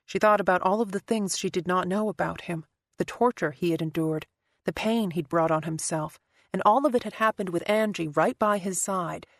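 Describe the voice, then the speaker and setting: A woman reads a thriller audiobook in a steady, even way. Her voice sits a bit low. The read is close and dry with no room sound. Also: normal speed, no echo. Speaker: audiobook narrator. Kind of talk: scripted narration.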